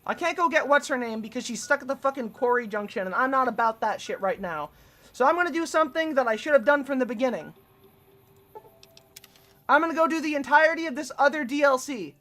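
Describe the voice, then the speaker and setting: A young woman streaming herself playing a video game, excitable and swearing freely as she talks to the enemies on screen. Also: high voice, fast talker. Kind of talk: casual gameplay commentary.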